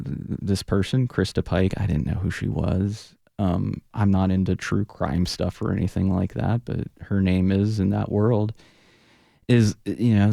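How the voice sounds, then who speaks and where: In a radio studio interview, a man who is both a Buddhist teacher and a punk rock frontman speaks earnestly, often restarting sentences and trailing off while searching for words. His voice is on the low side, creaky and mellow, and the recording is dry. The conversation is reflective.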